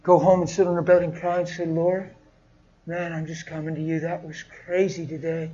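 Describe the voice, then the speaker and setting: A man preaching a sermon in a storytelling way, swinging from hushed, soft lines to loud, laughing outbursts. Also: on the high side, level tone, moderate pace, dull audio.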